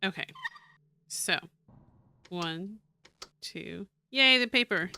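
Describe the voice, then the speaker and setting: A woman's voice: mid-range voice, animated, very slow, pushed and bright, a little hiss or hum. A woman casually commenting while playing a puzzle game, thinking aloud, counting and reading notes. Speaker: gaming streamer.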